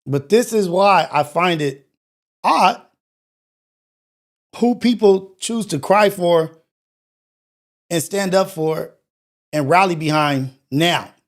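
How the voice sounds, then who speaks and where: A man's voice: high-pitched, takes it slowly, pauses often. A man hosting a commentary show, talking emphatically in with rhetorical questions. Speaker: show host. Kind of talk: commentary on played clips.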